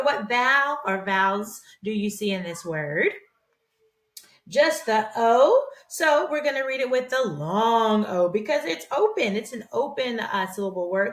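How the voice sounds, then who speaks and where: A woman's voice: mid-range voice, fairly bright tone, distant mic. A woman teaching phonics to young children, stretching out sounds and heaping on praise in a sing-song way. She sounds set back from the microphone, and her voice bounces around an echoey room. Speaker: reading teacher. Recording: roomy echo, speaker away from the mic.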